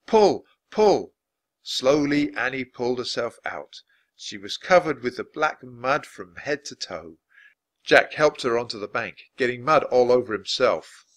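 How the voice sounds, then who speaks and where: A man reading a children's book aloud, expressive and dropping low for narration. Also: a little slow. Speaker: storybook reader.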